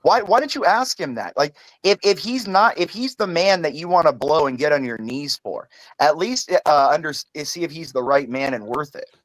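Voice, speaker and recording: A man's voice: a little high, expressive, normal speed, no room sound, poor audio. A man on an online panel call, ranting angrily with heavy profanity and stammered restarts. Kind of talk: heated livestream panel argument.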